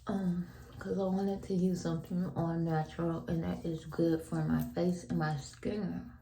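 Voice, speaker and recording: A woman's voice: on the low side, flat delivery, unhurried, vocal fry, dark tone, reverberant, slight background noise, poor audio. A young woman, whispering a laid-back, chatty vlog at home while she brushes her teeth and washes her face. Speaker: vlogger. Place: home bathroom.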